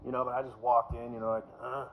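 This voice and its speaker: A man's voice: mid-range voice, level tone, fast talker. A man rambling through a crude personal story, full of fillers, trailing off into mumbles. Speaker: vlogger. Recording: dull lo-fi recording.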